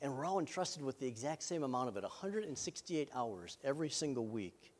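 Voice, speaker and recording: A man's voice: mid-range voice, big pitch swings, a little fast. Middle-aged man preaching a sermon. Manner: earnest with self-deprecating humor. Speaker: pastor.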